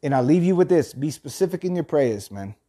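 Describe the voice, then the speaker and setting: A man's voice: fairly high pitch, lively intonation, a little fast, warm tone. A man reading a passage aloud and then giving an earnest motivational talk, often repeating and restarting his phrases. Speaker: host of a thirty-day motivational journey.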